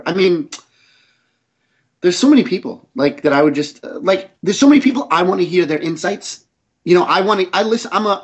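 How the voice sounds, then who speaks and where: A man's voice: on the high side, muffled recording. A man who creates comic books, chatting as a podcast guest, rambling and enthusiastic, with many restarts. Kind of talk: casual interview chat.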